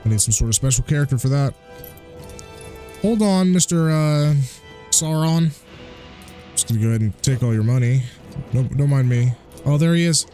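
A man hosting a let's play, commentating excitedly and trash-talking the enemies. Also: mid-range voice, moderate pace, long pauses. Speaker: gaming channel host. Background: game music.

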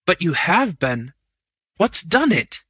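A man voicing a gruff male bank manager who speaks in loud, exclamatory bursts. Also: high voice, animated, a little slow, no echo, studio quality, voice pushed up, heavily acted. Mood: alarmed. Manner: loud, exclamatory, sharply raised voice.

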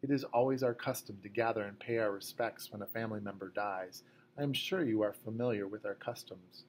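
A man voicing a calm, quick-witted mother in a storybook reading. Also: fairly low pitch, a little hiss or hum, lightly acted.

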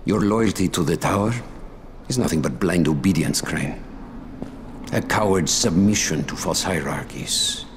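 An actor playing a menacing, mocking male warlord in a video game, speaking with slow, theatrical contempt. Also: low voice, a little hiss or hum. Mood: contemptuous. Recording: game audio under loud music.

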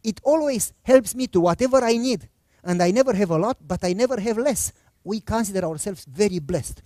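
A man's voice: sits high, lively intonation, fairly quick, warm tone, dry recording, studio quality. A middle-aged male pastor preaching a sermon, telling a personal story in a conversational way and acting out the dialogue. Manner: conversational, acts out quoted dialogue.

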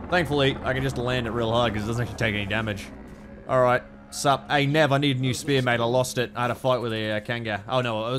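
A man from Australia with an Australian accent, giving casual gameplay commentary at home, excitable and sweary with rambling asides. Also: mid-range voice, a little hiss or hum. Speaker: gaming video host.

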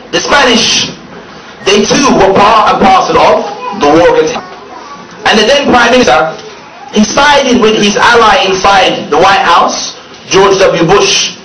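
A man giving a fiery public speech to an audience, mocking and often laughing as he talks, with drawn-out stressed words. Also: high voice. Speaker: speaker addressing an audience. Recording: echoey, distant, noisy room recording.

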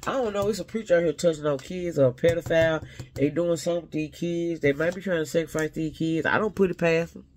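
A man's voice: fairly high pitch, fast talker, slight background noise. A man giving a casual spiritual reading to his viewers, rambling and talking straight to them while often second-guessing his own words.

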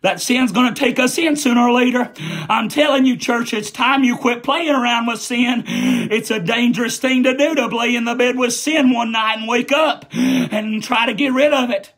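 A man preaching a Pentecostal holiness sermon. His delivery is fervent and repetitive, building up into shouting. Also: very high voice, normal speed.

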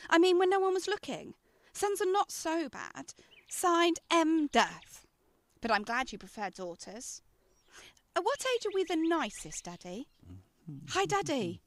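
A woman's voice: extremely high pitch, big pitch swings, a little slow, exaggerated voice. A woman voicing an affectionate young daughter in an amateur radio play, eager and doting with childlike questions. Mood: playful.

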